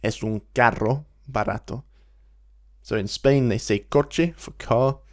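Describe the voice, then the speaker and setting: A man, teaching a Spanish lesson in a relaxed podcast style, explaining patiently and slowing down to model phrases. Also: medium pitch. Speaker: language teacher.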